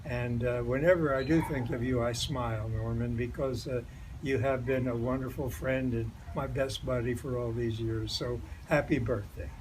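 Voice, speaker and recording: A man's voice: medium pitch, fairly even intonation, normal speed, darkish tone, slight background noise, rough recording. An older man recording a birthday greeting to his longtime best friend, reminiscing with many uhs.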